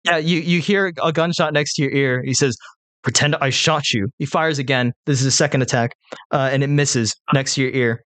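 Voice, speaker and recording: A man's voice: medium pitch, steady tone, fairly quick, fairly bright tone, no echo. A man narrating as game master of a tabletop game, talking casually and loosely with lots of fillers.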